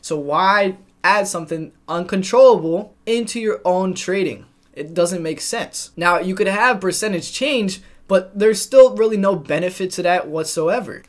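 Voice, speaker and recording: Young man, high voice, trading coach, direct, talks to viewers. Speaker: trading educator. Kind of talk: scripted narration.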